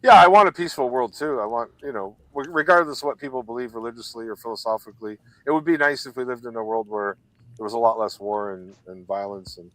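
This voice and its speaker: A man on a casual live stream panel chat who talks candidly and haltingly about his life. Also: mid-range voice, no room sound, low-quality recording. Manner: candid, halting personal talk.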